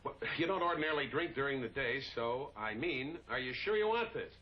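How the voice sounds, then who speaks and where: An actor playing a calm, dry-witted professor who helps the police, polite but firm. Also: male voice, medium pitch, brisk, close to an everyday voice. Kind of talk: 1960s TV drama acting. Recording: dull old TV soundtrack, hiss.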